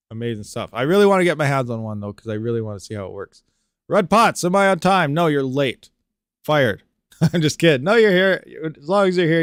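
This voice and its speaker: A man's voice: medium pitch, smooth, no echo, studio quality. A man hosting a casual live-stream Q&A on crypto mining, reading chat questions aloud and rambling with frequent "you know"s.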